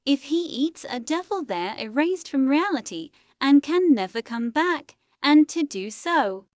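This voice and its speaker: A woman's voice: high voice, expressive, measured pace, a little mellow, dry recording, clean studio sound. A woman voicing a small halfling warlock girl with a strong British accent, grave and weary. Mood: solemn. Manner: solemn, weary.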